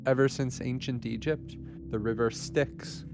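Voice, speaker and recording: A man hosting a podcast, adding calm, soft-spoken asides in a casual interview chat. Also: mid-range voice, measured pace, creaky, faint music behind. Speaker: podcast host.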